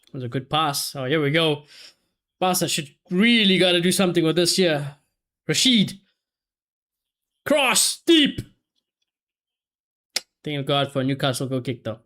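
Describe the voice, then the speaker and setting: Excitable swearing football watchalong streamer man. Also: on the high side, unhurried, pauses often. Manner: excitable, swears a lot, shouts in celebration. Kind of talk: live football reaction commentary.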